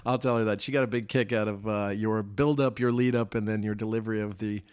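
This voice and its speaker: A man's voice: on the low side, steady tone, quick pace, a little mellow, smooth. A middle-aged man co-hosting a podcast remotely, telling stories in casual chat with self-mocking humor. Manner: chatty, self-mocking storyteller. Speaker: podcast co-host. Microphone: remote podcast mic.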